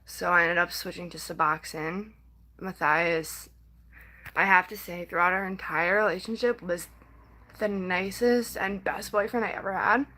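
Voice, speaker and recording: In a low-quality recording, a young vlogger chats personally to camera with a lowish, steady voice that is bright and forceful. Her talk is rambling and halting, packed with fillers like "um" and "like," and at times she is near tears.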